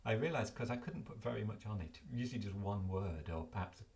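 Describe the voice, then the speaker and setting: A man's voice: lowish voice, brisk, gravelly, darkish tone. An older man explaining his flashcards in a chatty, self-correcting way at home. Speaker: language learning video host. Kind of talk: casual explanatory talk to camera.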